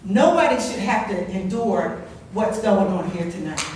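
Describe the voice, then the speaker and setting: An older woman giving an impassioned public comment at a council meeting, speaking into a podium mic and building to loud, scolding indignation. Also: medium pitch, expressive, measured pace, heavy background noise. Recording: very echoey distant room recording.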